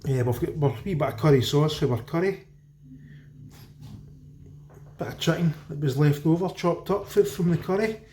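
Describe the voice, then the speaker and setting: A Scottish man with a fairly high, mellow voice talks his viewers cheekily through a home cooking job. His kitchen gives a roomy echo, with a faint hiss of noise behind him. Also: fairly quick. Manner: chatty, cheeky, talks straight to viewers as folks. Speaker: home cooking channel host. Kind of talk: casual cooking demo talk.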